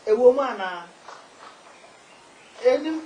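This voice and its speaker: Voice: medium pitch, lively intonation, very slow, muffled recording. A guest, a spiritual and herbal practitioner, talking emphatically in a casual interview and repeating key phrases. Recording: echoey room with faint noise.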